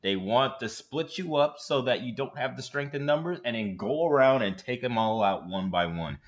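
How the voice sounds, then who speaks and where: A man hosts a reaction video, talking in an emphatic, animated way. His pitch rises and falls a great deal as he jokes and argues his points. He sits at an everyday middle pitch. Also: moderate pace. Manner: animated, emphatic, laughs along. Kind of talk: casual reaction commentary.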